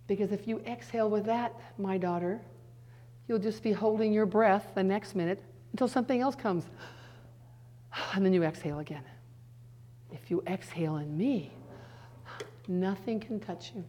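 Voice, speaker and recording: A middle-aged woman giving an earnest sermon-style teaching, now and then dropping into soft hushed asides. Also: mid-range voice, normal speed, slight background noise.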